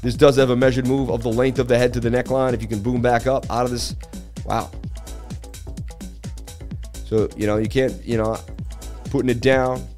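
A man hosting a live crypto chart stream, firing off excited shout-outs to his viewers and joking as he reads the chat. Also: medium pitch, soft background music. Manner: hyped, rapid shout-outs, jokey. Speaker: crypto livestream host.

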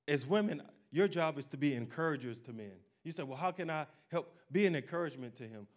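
Brief: male pastor, lively exhorting sermon, slightly high voice. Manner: exhorting, call-and-response preaching; conversational, folksy, acts out quotes.

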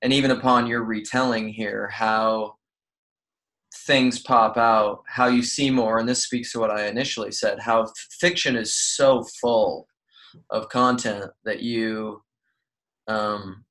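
A man's voice: lowish voice, steady tone, measured pace, a bit bright, low-quality recording. A man co-hosting a casual book discussion, thoughtful and musing, with fillers. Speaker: podcast co-host.

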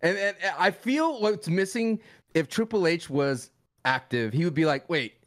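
A man co-hosting a wrestling podcast, animated and playful, often repeating his points. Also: high-pitched, moderate pace. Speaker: podcast co-host. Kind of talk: casual wrestling podcast chat.

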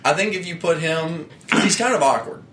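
A man's voice: on the high side, expressive, brisk, a bit bright, roomy sound, slight background noise, poor audio. A man co-hosting a podcast in casual chat, agreeable and hedging, full of fillers. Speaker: podcast co-host.

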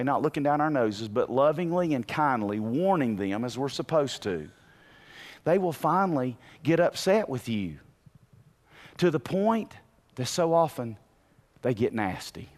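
A man preaching a sermon in an animated way, asking the congregation questions and rising to shouts. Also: medium pitch, unhurried. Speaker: pastor.

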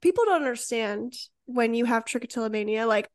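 Outspoken woman host, fairly high voice. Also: lively intonation, a little fast, no echo. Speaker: podcast host. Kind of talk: interview conversation.

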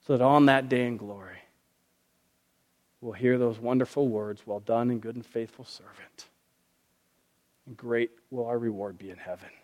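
A man's voice: mid-range voice, darkish tone. A male pastor preaching an earnest sermon at a live event and closing in prayer. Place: live event in a barn venue.

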